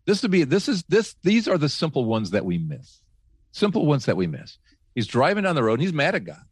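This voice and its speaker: A man who once worked as a radio host, telling faith stories in casual talk, animated, laughing often and restarting his sentences. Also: a little high, brisk, husky, dry recording. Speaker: guest, former radio host.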